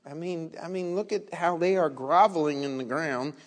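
A man's voice: fairly high pitch, normal speed. A man preaching a sermon as a pastor, telling the story vividly and asking the congregation rhetorical questions. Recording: long reverb in a large hall.

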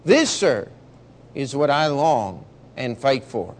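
A man's voice: mid-range voice, sing-song, takes it slowly, voice pushed down. A man voicing a proud, earnest patriot general in a read-aloud story, speaking eloquently.

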